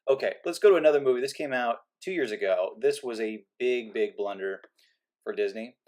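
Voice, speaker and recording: A man's voice: medium pitch, fairly quick, darkish tone. A man delivering a sarcastic, rambling movie rant to his viewers, often restarting his sentences. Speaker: movie vlogger. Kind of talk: opinionated rant to camera.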